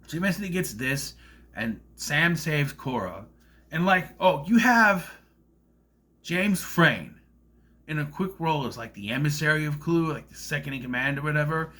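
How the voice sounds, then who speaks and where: A man talks through a film in a loose, rambling review, his pitch swinging widely as he goes. His voice is bright and on the higher side for a man, and he keeps breaking into goofy voices to act out the characters' lines. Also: animated, moderate pace. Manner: rambling, acts out quotes in silly voices. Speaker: movie reviewer. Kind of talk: casual film review monologue.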